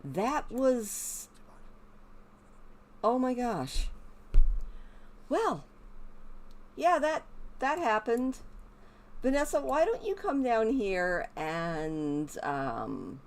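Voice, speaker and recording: A woman's voice: on the high side, big pitch swings, extremely slow, long pauses. A woman streaming a life-sim game, chatting as she plays and talking to her characters. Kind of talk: live gameplay commentary.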